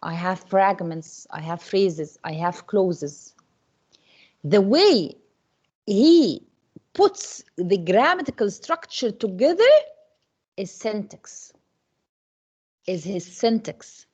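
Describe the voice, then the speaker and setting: A woman's voice: medium pitch, lively intonation, slow, pauses often, a little mellow, slightly rough, dull audio. A woman English teacher teaches an online class, repeating questions to her students with many fillers and restarts.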